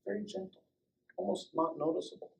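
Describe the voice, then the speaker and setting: An older man from Colorado, a chiropractor, telling a personal story to a small audience, acting out the dialogue and dropping to a hush at tender moments. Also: sits high, fairly quick, creaky, rough recording. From Colorado, United States. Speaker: chiropractor and guest speaker.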